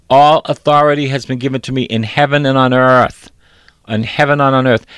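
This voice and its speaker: A man's voice: mid-range voice, no room sound. A man preaching a sermon, reading scripture aloud and repeating phrases for emphasis.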